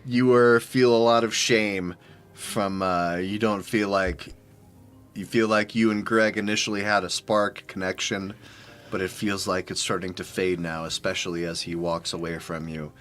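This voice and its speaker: A man narrating a tabletop game as game master, relaxed and halting with frequent ums. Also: low voice, soft background music.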